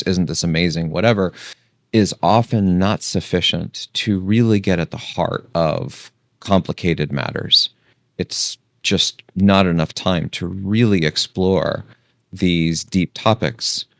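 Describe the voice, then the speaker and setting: Low-voiced guy rambling thoughtfully on his own show, dry close sound. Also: vocal fry, dry recording. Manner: meandering, thinks aloud, loses his thread. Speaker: host. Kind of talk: casual long-form monologue.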